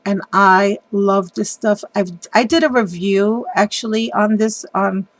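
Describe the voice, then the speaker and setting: A woman hosting a craft video, chatting warmly and enthusiastically about how she made a card, with frequent ums. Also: medium pitch, fairly even intonation, a little slow, dry recording. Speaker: papercraft video host. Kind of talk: casual craft show-and-tell.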